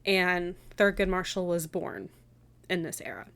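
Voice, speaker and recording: A woman's voice: on the low side, sing-song, measured pace, creaky, fairly bright tone. A woman co-hosting a history podcast, chatty and enthusiastic with frequent laughs. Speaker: podcast co-host. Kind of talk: casual history podcast chat.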